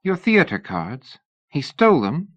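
A man's voice: fairly high pitch, huge pitch swings, slow pace, muffled recording, pitched above the performer's own voice, exaggerated voice. A man reading the lines of an anxious young woman who pleads and questions. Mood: pleading.

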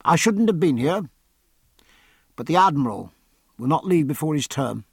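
A man's voice: fairly high pitch, lively intonation, normal speed, vocal fry, husky, no echo, clean studio sound, full character voice. A man voicing a bitter, estranged young wife in an audiobook, curt and hurt in her replies. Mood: bitter hushed. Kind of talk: audiobook character voice.

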